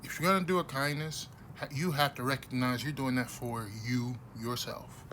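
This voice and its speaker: Man, bright tense voice, blunt rambling monologue, faint room hiss. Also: mid-range voice, steady tone, normal speed. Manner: blunt, rambling, many restarts. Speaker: vlogger. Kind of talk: casual monologue to camera.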